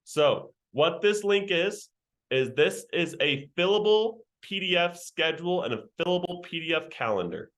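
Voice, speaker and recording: A man's voice: on the high side, animated, moderate pace, fairly bright tone. A young man leading a virtual sales training session over a video call, talking in slang and joking with the trainees.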